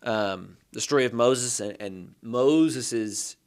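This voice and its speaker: A man's voice: mid-range voice, takes it slowly, smooth. A man with a mid-range voice speaks as a podcast guest who teaches Hebrew. He explains carefully, laying out one point after another in an easy conversational way. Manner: thoughtful, building points step by step. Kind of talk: explanatory interview talk.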